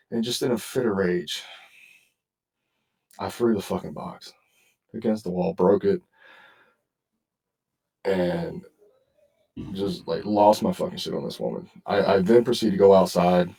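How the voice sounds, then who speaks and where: A man's voice: low voice, warm tone, husky, distant mic, low-quality recording. A man hosting a podcast, telling a story in casual chat and swearing constantly. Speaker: podcast host.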